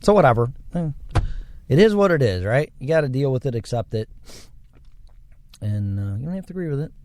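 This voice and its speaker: A man's voice: mid-range voice, sing-song, brisk, a little mellow, a little hiss or hum. A man hosting a solo podcast, talking in a rambling, reflective way with religious touches. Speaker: podcast host. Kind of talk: solo casual monologue.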